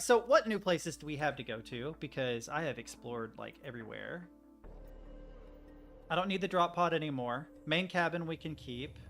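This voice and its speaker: Medium-pitched but creaky, bright, and forceful, this young man from the United States narrates his gameplay for his stream. He's casual and rambling, chatting directly with his audience.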